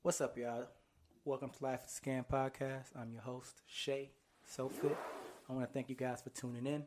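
A man's voice: medium pitch, little pitch movement, normal speed, background noise. A man from Chicago hosting a casual podcast, talking in a laid-back, loose way and laughing with his friends. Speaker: podcast host.

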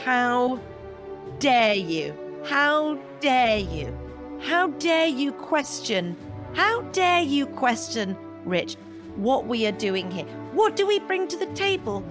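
A woman's voice: high-pitched, very animated, takes it slowly, music in the background, heavily acted. An actress playing a pompous, self-righteous female radio host, speaking in a comedy podcast. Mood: indignant. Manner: pompous and indignant.

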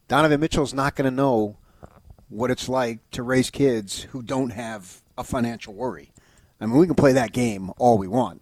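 A man's voice: mid-range voice, moderate pace, a little mellow, no echo. A man hosting sports talk, rambling with restarts and growing emphatic when he praises a player. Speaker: sports radio host.

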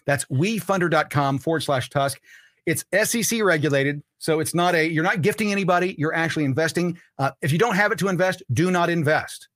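A man hosts his own podcast in a political monologue that is emphatic and preachy, and he hammers points by repeating them. His voice sits a little high and sounds bright and forceful. The recording is dry and close. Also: brisk, dry recording. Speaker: podcast host.

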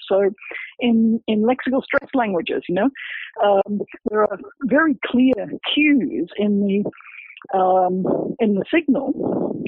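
A man, a researcher, explaining his book's findings in an academic, halting way, full of repeated words and fillers. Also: sits high, slightly rough, no room sound. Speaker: researcher discussing his book. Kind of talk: explanatory interview talk. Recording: dry, phone-like radio line.

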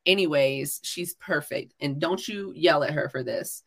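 Young woman ranting casual on a podcast, swears a lot, bright edgy voice, kinda low. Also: a little slow, husky. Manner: blunt, profane storytelling. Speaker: podcast co-host. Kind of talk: casual chat.

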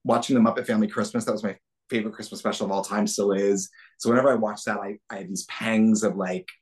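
A man's voice: lowish voice, steady tone, quick pace, a little mellow. A man being interviewed as a guest, talking in an enthusiastic, reflective way with many restarts. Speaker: puppeteer guest. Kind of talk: casual interview chat.

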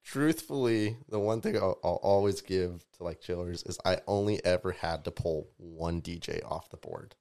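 A man with a very low voice from Tampa tells stories as a podcast guest. His telling is animated, and his voice shoots up when he acts out what other people said. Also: moderate pace, vocal fry, few pauses. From Tampa, Florida. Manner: animated storyteller, voices rise sharply in quoted outbursts. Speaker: podcast guest, DJ and music producer. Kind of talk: casual storytelling chat.

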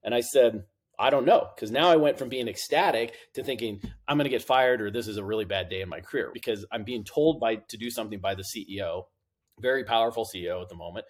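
A middle-aged man speaks in a somewhat low voice as a guest on an interview podcast. He tells his stories in a relaxed, conversational way and acts out the lines he quotes from others. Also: quick pace, slightly rough. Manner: lively anecdotes, acting out quoted dialogue. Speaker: podcast guest, compliance officer. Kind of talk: casual interview storytelling.

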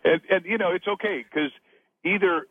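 A man's voice: a little fast, no room sound. Rambling male author on lo-fi audio. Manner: rambling, repeats words, pitches his offers. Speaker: author and guest. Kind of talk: motivational interview talk.

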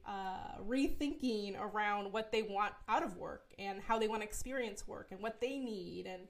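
A woman hosts a casual interview in a mid-pitched voice. She responds with enthusiasm and asks long, rambling questions. Her tone is friendly and conversational. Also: moderate pace. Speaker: interview host.

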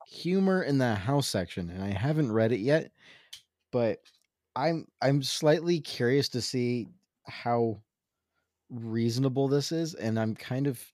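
A man co-hosting a casual podcast, reading dad jokes aloud in a halting, wry way. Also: medium pitch, expressive, darkish tone, dry recording, clean studio sound. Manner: halting, self-interrupting, wry. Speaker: podcast co-host.

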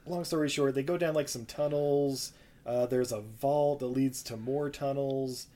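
A man co-hosting a podcast in a casual movie recap chat. He rambles through the plot with asides and laughs often. His pitch sits in the ordinary middle range for a man. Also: fairly even intonation, a little slow, dark tone. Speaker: podcast co-host.

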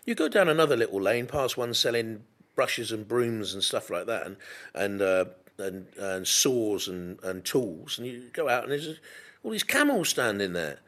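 A man's voice: on the low side, very animated, normal speed, fairly bright tone. A middle-aged man co-hosting a podcast, rambling through a story in casual chat with lots of restarts. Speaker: podcast co-host.

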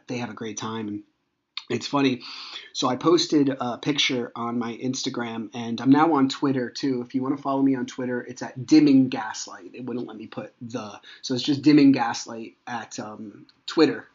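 A husky man in his thirties talks through his week on a podcast in a loose, rambling way, full of fillers and restarts. His voice sits in a middling register and comes through dull and lo-fi. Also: mid-range voice. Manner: rambling, conversational, many fillers. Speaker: podcast host. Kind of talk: personal monologue, casual.

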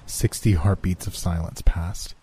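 A man reading a horror story aloud in a measured, hushed narration. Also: low voice, fairly even intonation, a little hiss or hum.

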